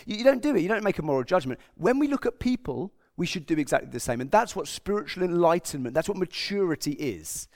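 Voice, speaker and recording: A man's voice: high voice, fast talker, gravelly, few pauses. A man from Britain giving a conversational sermon, acting out quotes as he goes. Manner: conversational, animated, acts out quotes. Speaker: preacher.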